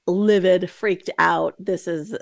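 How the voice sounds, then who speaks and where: Gravelly-voiced woman telling a story. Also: lowish voice, steady tone, slow, no echo, clean studio sound. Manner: chatty, with many fillers and quoted asides. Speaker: podcast host. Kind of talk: casual storytelling monologue.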